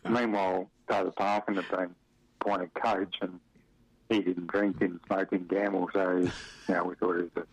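A middle-aged Australian man, a former footballer from Western Australia, telling rambling anecdotes with chuckles and many fillers in a relaxed interview. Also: sits low, moderate pace, breathy edge, no room sound. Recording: muffled dry radio recording.

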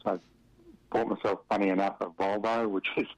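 A middle-aged Australian man, a former footballer from Western Australia, telling rambling anecdotes with chuckles and many fillers in a relaxed interview. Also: on the low side, a little fast, no echo. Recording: muffled dry radio recording.

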